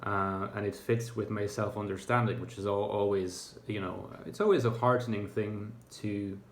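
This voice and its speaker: A man's voice: fairly low pitch, steady tone, normal speed, slight background noise. A man talking to camera in a reflective, casual monologue, thoughtful and hesitant, with many fillers and restarts. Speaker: YouTuber. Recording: echoey room.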